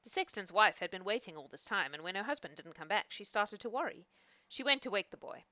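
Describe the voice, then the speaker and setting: Bright-voiced woman reading a fairy tale. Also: medium pitch, lively intonation, fairly quick, no room sound. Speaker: storyteller. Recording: dull, dry lo-fi recording.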